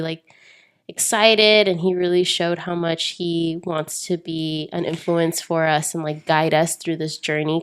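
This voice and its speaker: A young woman in her twenties chats casually as a podcast co-host. Her voice sits a little low and sounds smooth and resonant. She speaks softly and lets her phrases fade out.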